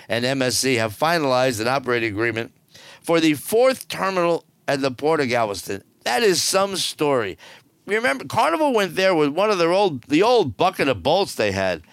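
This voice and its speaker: A man's voice: mid-range voice, big pitch swings, normal speed, a bit bright, clean tone, dry recording. A middle-aged man hosting a solo podcast, ranting and sarcastic as he jumps between topics. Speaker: podcast host.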